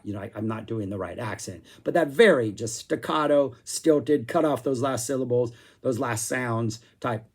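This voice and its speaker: A man's voice: medium pitch, moderate pace, hardly any pauses, breathy edge. A man giving a casual, rambling spoken album review with plenty of enthusiasm. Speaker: music reviewer.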